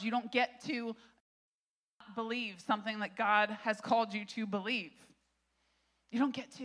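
A woman in her thirties, a pastor, giving an animated, conversational sermon with frequent laughter. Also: a little high.

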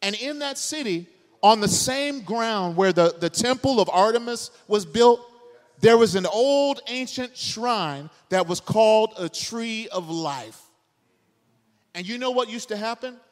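Male pastor with a very high voice, impassioned sermon, shouted peaks, long reverb of a church hall. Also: lively intonation. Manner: impassioned, builds to shouting, rapid rhetorical questions. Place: church sanctuary, live congregation.

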